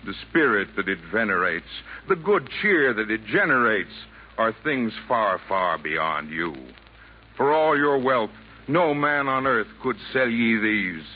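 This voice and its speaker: Santa, calm and lecturing. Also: male voice, mid-range voice, measured pace, husky. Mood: earnest. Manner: calm, gently lecturing in rhyming verse. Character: calm wise old Santa Claus facing a gunman. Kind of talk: 1940s radio acting. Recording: tinny 1940s radio broadcast with faint hiss.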